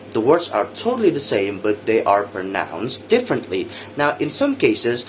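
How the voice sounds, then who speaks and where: A young man with an Indonesian accent, giving a practice English lesson as a student teacher and repeating example words slowly for drilling. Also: medium pitch, slight background noise.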